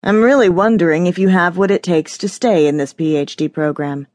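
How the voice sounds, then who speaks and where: A woman's voice: lowish voice, a little fast, darkish tone, no echo, natural voice. A woman doing a pompous, condescending male professor. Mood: lecturing. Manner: pompous, patronizing, dismissive.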